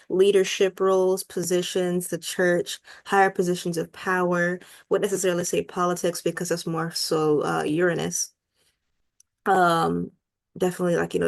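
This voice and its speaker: A young woman in her twenties teaches astrology casually, thinking aloud with plenty of ums and uhs. Her voice sits a little low and crackles with vocal fry, worn and hoarse as she loses it. She speaks through her laptop's built-in mic on a video call. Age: 20s. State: losing her voice. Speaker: astrologer host. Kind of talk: casual screen-share astrology lesson. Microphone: laptop built-in mic over a video call.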